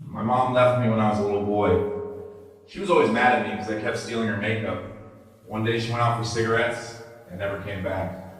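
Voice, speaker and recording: A man telling a stand-up joke in a deadpan storytelling manner. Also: fairly low pitch, a little fast. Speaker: stand-up comedian. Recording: echoey hall from far off.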